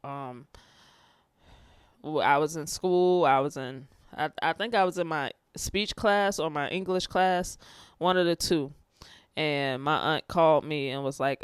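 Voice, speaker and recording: A woman's voice: low-pitched, a little slow, clean tone, no echo, clean studio sound. A young woman candidly telling a personal story in a casual, emotional way, with many fillers and restarts.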